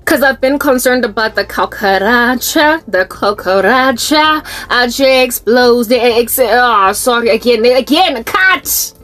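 A woman's voice: a little high, slow pace, few pauses, fairly bright tone, soft background music. A woman from South Africa, a Christian online minister, joking and preaching in a theatrical, half-sung way. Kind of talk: playful improvised singing and preaching.

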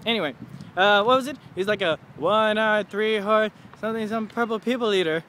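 High, bright-voiced joking man in his twenties. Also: brisk, slight background noise. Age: 20s. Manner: goofy, self-mocking, chatty, laughs at his own jokes. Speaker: vlogger. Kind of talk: rambling comedic video diary.

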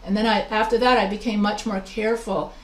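A woman's voice: mid-range voice, fairly even intonation, a little fast, reverberant, low-quality recording. A woman teaching a business communication class, talking in a chatty, anecdotal way with many restarts and asides. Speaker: instructor. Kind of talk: recorded class lecture.

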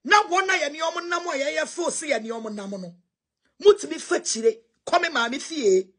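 A Ghanaian woman with a high-pitched, expressive voice delivers an impassioned, confrontational response at a brisk pace. Moving freely between Twi and English, she addresses her listeners directly and forcefully.

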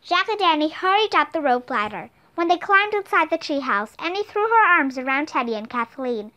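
A woman narrating a children's storybook aloud in an expressive, clear manner. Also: sits high, normal speed. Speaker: audiobook reader.

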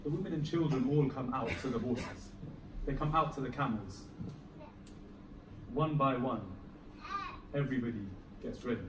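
A man's voice: mid-range voice, normal speed, long pauses, noisy background. A man giving an emotional Muharram sermon, telling the story with dramatic rises and falls in intensity. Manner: dramatic, rising and falling intensity. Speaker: Muharram lecturer. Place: mosque hall. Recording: echoey hall, recorded from far off, faint ambience.

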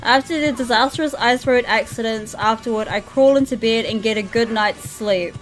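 Soft music plays as a young New Zealand woman streams a game live, speaking at a moderate pace in a slightly high voice. Giggly and talkative with viewers, she laughs often and reads the game's lines in a playful voice.

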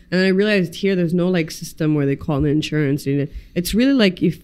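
A woman, a podcast guest, telling stories in a casual, animated way, acting out quoted voices and swearing freely. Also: fairly low pitch, fast talker, hardly any pauses, smooth. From United States. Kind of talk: casual conversational storytelling.

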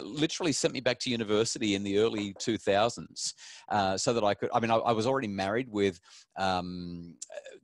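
A middle-aged man, an animated storyteller who restarts his sentences often as he gives parenting advice. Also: lowish voice, no echo, clean studio sound. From Australia. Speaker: parenting expert. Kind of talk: talk to an online audience.

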